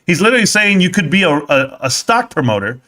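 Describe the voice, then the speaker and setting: Very animated and talking fast, this male host of a live stock stream has a high, bright, forceful voice. He fires back at his chat in a heated, combative way, never dropping the punchy, confrontational delivery.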